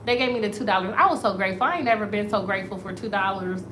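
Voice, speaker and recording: An American woman vlogging, telling a story to her viewers in a casual, animated way and calling them y'all. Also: medium pitch, very fast, background noise. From United States. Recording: roomy echo, faint ambience.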